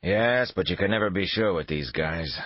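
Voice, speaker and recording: A big, sullen henchman, cornered and curt, read by a male narrator. His gruff lines sit low and husky. The read is dry and dull. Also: normal speed, no room sound.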